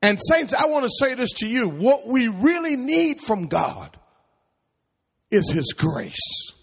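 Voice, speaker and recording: A man's voice: very high voice, very animated, slow, slightly rough. A man preaching a call-and-response sermon in a church, calling questions to the congregation for them to answer. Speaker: pastor. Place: church sanctuary. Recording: long hall reverb.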